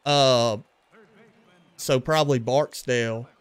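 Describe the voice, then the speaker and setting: A man's voice: medium pitch, slow pace, smooth. Laid-back Louisiana man streaming a game. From western Louisiana. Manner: relaxed, chatty, reacting to plays and greeting chat. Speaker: gaming livestreamer. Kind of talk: casual game commentary and chat with viewers.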